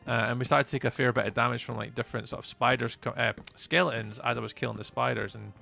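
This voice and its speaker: Gravelly Scottish streamer chatting. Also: male voice, medium pitch, little pitch movement, fast, bright, forceful tone, soft background music. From Scotland. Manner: chatty, rambling, greets chat by name. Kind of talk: live gameplay commentary.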